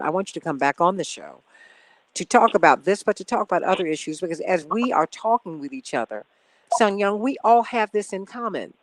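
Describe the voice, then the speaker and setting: A woman hosts a live radio talk show. She speaks with impassioned, preacherly cadence, moving from warm address to firm conviction. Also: low voice, no echo, poor audio.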